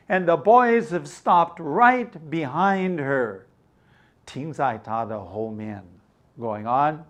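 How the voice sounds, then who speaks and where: An older man teaching English through a story, explaining words slowly and glossing them in Mandarin. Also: a little high, animated, fairly bright tone, dull audio.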